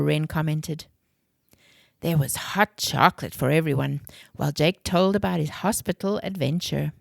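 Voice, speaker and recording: A low-pitched woman reads a children's novel aloud, calm and clear. Her voice sits close and dry, with no room around it. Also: moderate pace, dry recording. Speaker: storyteller.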